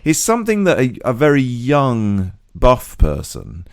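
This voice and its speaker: A man co-hosting a podcast in a casual chat, his voice croaky from too much singing, wry and rambling with self-deprecating asides. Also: mid-range voice, wildly swooping pitch, a little slow, no room sound, studio quality. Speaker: podcast co-host.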